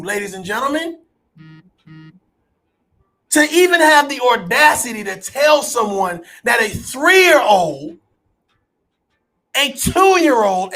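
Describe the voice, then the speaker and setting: A man who is a parent, ranting as an online commentator to his audience, profane and incredulous, with bursts of shouting. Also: very high-pitched. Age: adult parent. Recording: faint background music.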